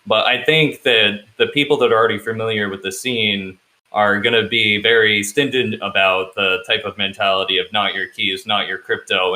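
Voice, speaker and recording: A man on a casual podcast panel, measured and speaking in long, winding sentences. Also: on the low side, bright, forceful tone.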